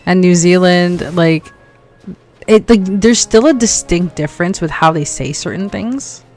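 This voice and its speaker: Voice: medium pitch, a little slow, a little mellow, soft background music. A streamer chatting casually while gaming, telling stories with lots of "like" fillers. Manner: chatty storyteller, heavy use of "like".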